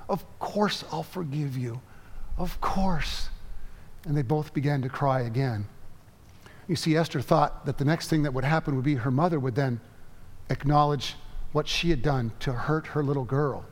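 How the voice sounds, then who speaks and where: A man preaching a sermon, telling a story in a measured way with halting repeats. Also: mid-range voice, long reverb tail. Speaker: pastor.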